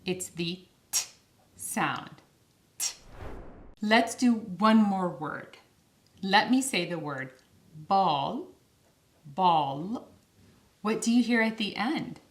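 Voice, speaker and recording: A woman teaching young children phonics in a slow, clear, sing-song way, stretching each word out. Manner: sing-song, stretches words slowly with lively pitch.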